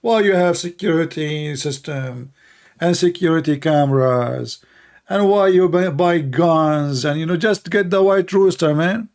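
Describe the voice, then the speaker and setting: A man's voice: a little high, measured pace, darkish tone. A man hosting a debate channel, giving sarcastic, incredulous commentary on religious texts.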